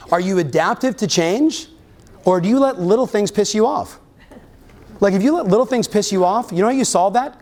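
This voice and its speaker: A man giving an energetic motivational keynote to a live audience, often firing questions at the crowd. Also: high voice. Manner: energetic, keeps quizzing the audience. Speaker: real estate coach and keynote speaker. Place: live event in front of an audience.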